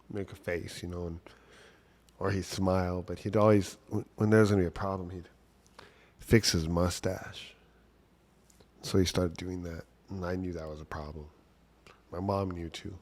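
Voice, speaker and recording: A man's voice: deep voice, fairly even intonation, normal speed, pauses often, darkish tone. A man casually telling a personal story from childhood, talking conversationally with lots of "like" and "right?".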